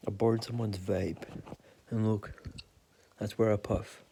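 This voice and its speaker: A man's voice: on the low side, flat delivery, measured pace, warm tone, slightly rough. A young man with an Australian accent telling rambling, crude stories in casual talk and swearing freely. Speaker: storyteller. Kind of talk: casual storytelling.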